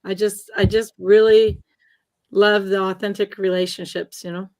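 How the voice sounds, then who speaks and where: A woman's voice: mid-range voice, level tone, normal speed, a little mellow, dry recording. A woman guest on a video call, gushing with praise for the group. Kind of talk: casual chat.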